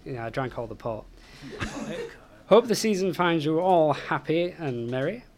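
A man's voice: a little high, expressive, unhurried, a little mellow, a little hiss or hum. A man reading out a listener's letter, amused and chuckling as he goes.

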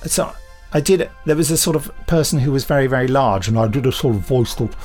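Soft music plays behind this podcast co-host, whose medium-pitched voice is fast and a little mellow. He chats casually, spinning anecdotes and mimicking the people in his stories.

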